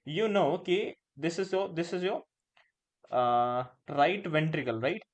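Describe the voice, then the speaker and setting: Speaking a little slowly in a voice on the high side, a man with an Indian English accent gives a live online pharmacology lecture as the teacher. He repeats phrases, tacks "right?" onto lines, and uses occasional Hindi words.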